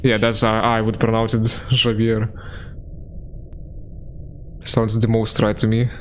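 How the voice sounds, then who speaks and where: A man's voice: lowish voice, completely flat delivery, fairly quick, a little hiss or hum. A male streamer giving casual, laid-back commentary while playing a game, swearing often and laughing at himself.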